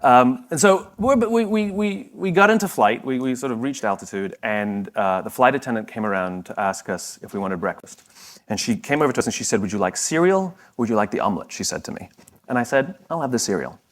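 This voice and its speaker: A man giving a motivational talk on stage, telling a story with sweeping pitch swings and self-deprecating humor that he often laughs at. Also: lively intonation, fairly quick. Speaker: speaker.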